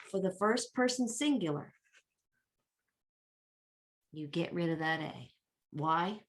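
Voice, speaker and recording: Slow, patient woman teaching Latin. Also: on the low side. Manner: patient, repeats and spells out words, checks in with okay and right. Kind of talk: children's language lesson.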